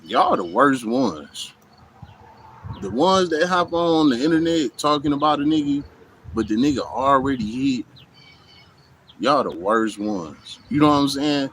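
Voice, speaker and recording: A man's voice: mid-range voice, lively intonation, a little slow, a bit bright, a little hiss or hum, poor audio. A man in a casual monologue to camera, blunt and profane, often saying "you know what I'm saying", recorded outdoors. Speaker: vlogger. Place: outdoors in hot weather.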